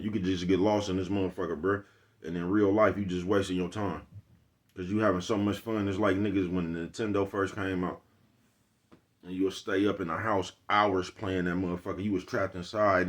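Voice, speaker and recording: Speaking fairly quickly in a low, level voice, this man talks to his viewers in a casual street monologue. He's a vlogger with an African American Vernacular English accent, and his delivery is slangy, loose and preachy.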